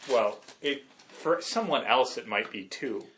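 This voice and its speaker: A man's voice: medium pitch, lively intonation, measured pace, a bit bright, a little hiss or hum. A man with a mid-range voice co-hosts a casual podcast chat. He is wry and jokey, now and then talking while eating. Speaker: podcast co-host.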